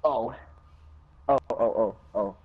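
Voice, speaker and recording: A man's voice: mid-range voice, slow, husky, phone-quality sound. A young man giving goofy, joking commentary while he plays a game, often singing snatches of songs. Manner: goofy, joking, breaks into song lines and laughter. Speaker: gamer. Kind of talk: casual gameplay commentary.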